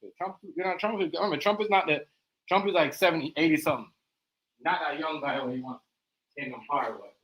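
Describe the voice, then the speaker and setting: A man's voice: fairly high pitch, quick pace, muffled recording. Casual man on a livestream, echoey. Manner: loose, repetitive, talks to viewers directly. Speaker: live stream host. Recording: echoey room, far from the mic, faint noise.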